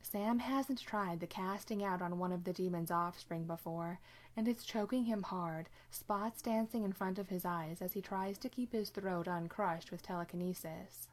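A woman reads a story aloud with steady, even narration. Her voice sits somewhat low, and she keeps a measured flow through the action. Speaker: reader. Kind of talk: story reading.

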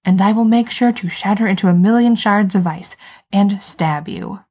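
A woman's voice: medium pitch, normal speed, darkish tone, husky, lightly acted. A woman reading a flustered, sheepish young man's lines in a fan fiction story. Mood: teasing. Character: sheepish young adult man, flustered and self-deprecating. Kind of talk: fan fiction read aloud.

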